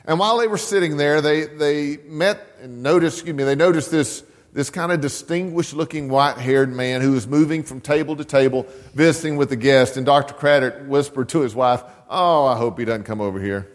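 A man preaching a sermon, telling a story slowly and emphatically, repeating key lines. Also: a little high, long reverb tail. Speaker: pastor.

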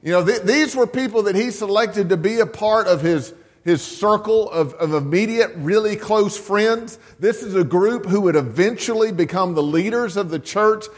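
A man's voice: high voice, moderate pace. A man preaching a sermon as a pastor, in a conversational way, chuckling now and then and asking the congregation questions. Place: church sanctuary. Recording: long church reverb.

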